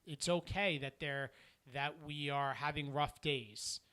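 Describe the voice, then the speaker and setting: Earnest bright-voiced middle-aged man. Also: fairly high pitch, slow pace, clear, resonant tone. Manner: earnest and emphatic, drops softer when telling stories. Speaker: motivational keynote speaker. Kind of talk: motivational podcast monologue.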